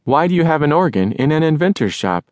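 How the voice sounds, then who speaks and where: An eager young boy bubbling with curiosity, voiced by a male narrator for a children's audiobook. His exclamations jump high and bright. The recording is close and dry. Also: very animated, fast, no room sound. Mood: excited. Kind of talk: audiobook character voice.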